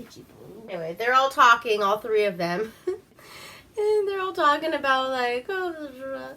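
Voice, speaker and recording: A woman's voice: mid-range voice, pushed and bright. A woman recapping an old movie in a casual, profane, rambling way, laughing as she goes. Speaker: movie reviewer.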